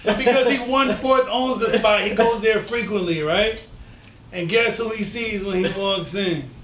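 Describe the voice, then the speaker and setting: A man's voice: high voice, normal speed, fairly bright tone. A man who is a guest on a casual podcast chat, playful and fond of fancy words. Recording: echoey room, faint noise.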